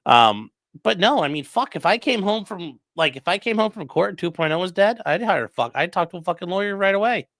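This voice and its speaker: A man's voice: on the high side, creaky, a bit bright, no room sound, studio quality. A man who is a defense attorney, casually commenting on a livestream and reading chat messages aloud in a loose, profane way.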